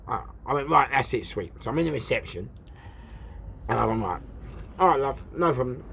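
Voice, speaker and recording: Gravelly London man ranting. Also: mid-range voice, a little fast, a little hiss or hum. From England. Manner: animated and repetitive, with rhetorical questions and shouted outbursts. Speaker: host. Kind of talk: casual storytelling monologue.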